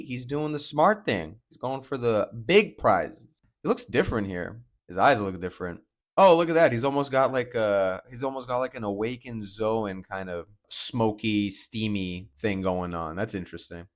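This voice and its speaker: Low-voiced man musing casually. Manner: chatty and musing, thinks aloud with fillers. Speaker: manga reaction host. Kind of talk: casual reaction commentary.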